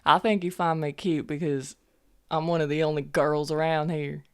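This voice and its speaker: A woman's voice: low voice, steady tone, normal speed, smooth. A woman playing a young half-elf army medic in a tabletop role-play, talking in a folksy drawl full of "y'all" and "ain't". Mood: sassy.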